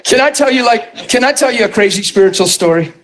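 A middle-aged man preaching a storytelling sermon in an animated, lively way, often acting out characters and laughing. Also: very high-pitched, fast talker.

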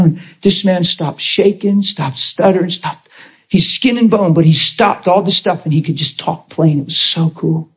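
Animated storytelling preacher man. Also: high-pitched, moderate pace, slightly rough, dull audio. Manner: animated, acts out dialogue, emphatic exclamations. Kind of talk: storytelling sermon.

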